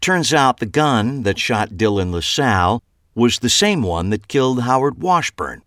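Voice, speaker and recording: A male audiobook narrator voicing a wry, deadpan woman police detective. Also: mid-range voice, unhurried, no room sound, studio quality, pitched above the performer's own voice. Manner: deadpan, matter-of-fact.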